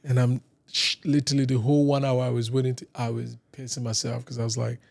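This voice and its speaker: A man from Nigeria, a singer on a podcast, telling casual stories in a lively way and acting out other people's lines. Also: mid-range voice, quick pace, creaky. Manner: lively anecdote teller who acts out other people's lines. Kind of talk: casual storytelling chat.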